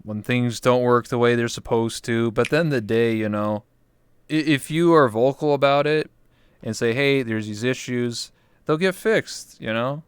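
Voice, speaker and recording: A man's voice: mid-range voice, normal speed, clean tone, no echo. A young man hosting a casual interview chat, rambling and emphatic with lots of fillers. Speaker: talk show host.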